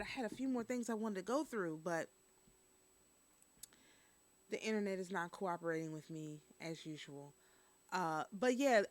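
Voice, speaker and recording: Woman doing a casual news stream, chatty, talks right to the viewers. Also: fairly low pitch. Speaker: host of a news and review stream.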